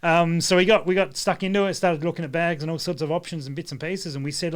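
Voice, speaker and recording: A man hosts a casual livestream chat and rambles through his stories, stopping and restarting often. His voice sits a little high for a man. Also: steady tone, fast talker, hardly any pauses. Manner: rambling storyteller, many fillers and restarts. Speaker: livestream host.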